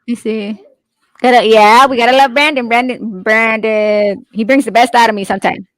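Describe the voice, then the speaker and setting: A woman with a high, bright-pitched voice, chatting casually and swearing freely as she laughs her way through stories. The sound is dry and close, with no room echo. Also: steady tone, normal speed. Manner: chatty, profane, laughs often. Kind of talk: casual chat.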